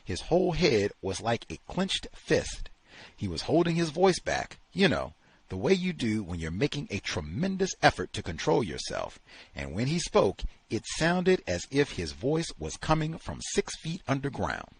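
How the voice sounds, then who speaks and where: A man hosting a study session, reading a novel aloud in an expressive, dramatic storytelling manner. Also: medium pitch, normal speed, slightly rough, no echo.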